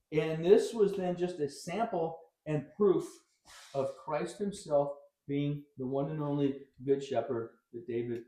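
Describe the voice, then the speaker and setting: A man's voice: fairly high pitch, mellow, echoey room, low-quality recording. A male pastor preaching a sermon in a conversational style, with wry asides and sudden bursts of emphasis.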